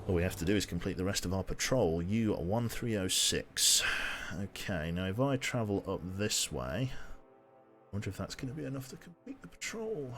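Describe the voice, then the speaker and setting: Low-voiced, rambling man streaming. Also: big pitch swings, moderate pace. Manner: rambling, chatty, many fillers and restarts. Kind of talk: casual gaming livestream commentary.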